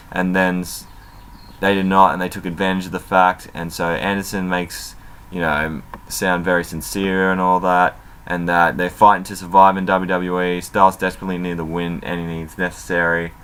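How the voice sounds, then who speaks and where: Deep-voiced man rambling through a casual review. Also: level tone, moderate pace, fairly bright tone, clean tone. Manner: loose and rambling, many fillers, swears freely. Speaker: wrestling show reviewer.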